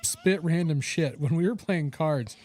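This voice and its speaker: A man's voice: fairly high pitch, a little mellow, a little hiss or hum. A young adult man co-hosting a podcast, easygoing, chiming in often and swearing casually. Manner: easygoing, lots of quick agreeing and swearing. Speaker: podcast co-host. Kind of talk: casual chat.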